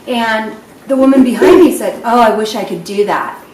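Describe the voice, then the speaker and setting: A woman's voice: a little high, moderate pace. A woman hosting a casual home gathering, telling a story and acting out each person's lines. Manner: animated storyteller who acts out dialogue. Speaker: party host. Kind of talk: casual group chat, storytelling. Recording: echoey room, distant mic, faint noise.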